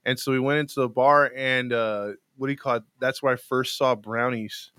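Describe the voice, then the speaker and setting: A man's voice: mid-range voice, fairly even intonation, moderate pace, a bit bright, smooth, dry recording. A man co-hosting a live podcast show, chatting casually and telling stories with frequent laughs and repeated words. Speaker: podcast co-host.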